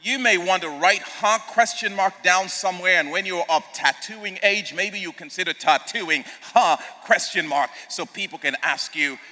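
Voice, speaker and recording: Bright, high-voiced man preaching in a hall. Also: moderate pace, few pauses. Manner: playful, jokey, prompts the audience to respond. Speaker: youth conference speaker. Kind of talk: lively sermon to a youth crowd. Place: large conference hall, live event. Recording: long reverb of a large hall.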